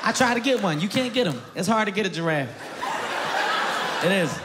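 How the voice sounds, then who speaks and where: A man doing stand-up comedy, brash and loud, swinging into shouts. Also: high-pitched, lively intonation, moderate pace, over a noisy crowd, very noisy. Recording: live show with laughing audience.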